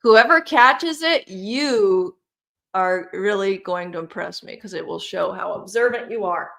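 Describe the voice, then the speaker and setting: A woman hosting a casual live-stream, talking opinionated and animated while reading and answering her live chat. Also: medium pitch, a little slow, gravelly. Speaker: livestream true-crime commentator.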